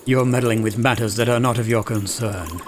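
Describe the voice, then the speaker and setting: A man voicing a gruff, angry ship captain who blusters and scolds. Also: medium pitch, normal speed, slight background noise, natural voice. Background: game music.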